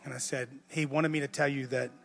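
A man's voice: medium pitch, flat delivery, a little fast, vocal fry, fairly bright tone. A man, a pastor, telling a personal story in a conversational sermon, self-mocking and repeating words as he builds up. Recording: music under a long hall echo.

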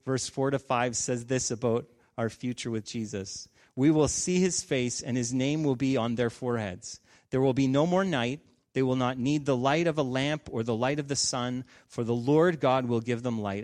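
A man in his thirties, a pastor, preaching a conversational sermon with stories and sudden emphatic bursts. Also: medium pitch.

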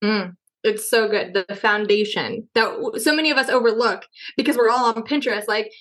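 A woman with a high voice hosting a casual podcast interview. She gushes over her guest's ideas and chats freely. Her talk is effusive and informal. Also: steady tone, moderate pace, a bit bright. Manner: gushing and effusive, chatty. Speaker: podcast host.

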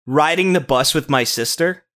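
A young man co-hosting a casual podcast, talking excitedly about a film, swearing often and restarting his sentences. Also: on the high side, moderate pace. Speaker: podcast co-host. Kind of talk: casual movie-review chat.

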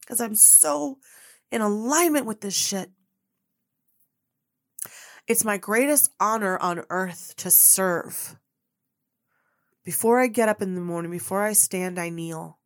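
A woman's voice: a little high, dry recording, studio quality. A woman hosting her own podcast as a manifestation coach, speaking in an earnest, heartfelt monologue and repeating phrases for emphasis.

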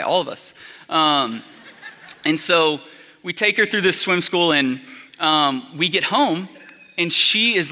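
Chatty high-voiced pastor in a reverberant hall. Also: male voice, pushed and bright. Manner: conversational storytelling with many fillers. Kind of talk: sermon. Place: church hall.

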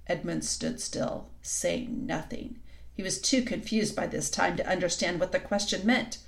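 A woman narrating a children's book aloud in a calm, even storytelling manner. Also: fairly low pitch, a little slow, gravelly.

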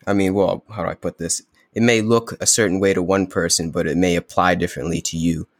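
Laid-back male guest, low-pitched, relaxed spiritual chat, gropes for words. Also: a little fast, no echo, studio quality. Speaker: podcast guest. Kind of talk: casual spiritual conversation.

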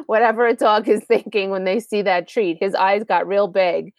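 Woman, podcast host, conversational storytelling, medium pitch, dry close mic. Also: steady tone, moderate pace, hardly any pauses, darkish tone, no room sound. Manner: chatty, conversational, asides to the listener.

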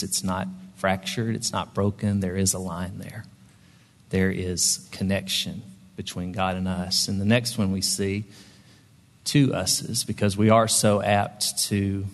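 Man preaching in a reverberant hall. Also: low voice. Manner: conversational, with frequent ums and restarts. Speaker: pastor. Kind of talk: sermon storytelling.

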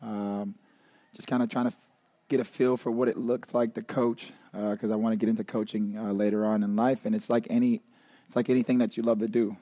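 A man in his thirties, a retired player, chatting casually as a guest, relaxed and full of fillers. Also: fairly low pitch, fairly quick, dry recording. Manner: relaxed, with many fillers and restarts. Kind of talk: casual interview chat.

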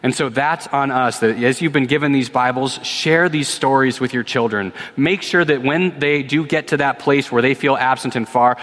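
A man, a pastor in his thirties, preaching and answering questions in a relaxed, conversational way, often repeating a word as he starts a sentence. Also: medium pitch. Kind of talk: sermon with Q&A. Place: church sanctuary. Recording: long reverb of a church hall.

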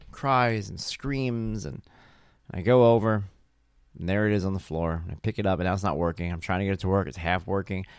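In studio-quality audio with no room sound, a man in his thirties speaks in a fairly low voice on his solo podcast. His casual chat is rambling, self-deprecating and joking, and he sounds tired.

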